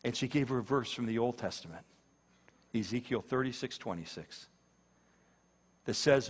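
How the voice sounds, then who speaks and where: A man's voice: medium pitch, lively intonation, moderate pace, pauses often, husky, big-room sound. A man giving a sermon-style personal testimony, telling his story vividly with repetition and acted quotes.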